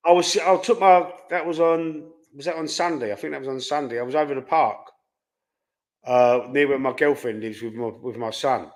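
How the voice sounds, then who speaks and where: A man's voice: mid-range voice, moderate pace. A man with a Cockney accent hosting a casual live-stream chat, telling rambling anecdotes and quoting his own back-and-forth exchanges. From London. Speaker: host.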